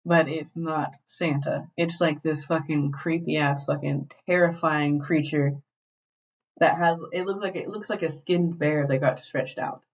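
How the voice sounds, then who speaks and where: A woman co-hosting a podcast, retelling a show in animated, profane casual chat. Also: low-pitched, measured pace. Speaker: podcast co-host. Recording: dull lo-fi glitchy recording.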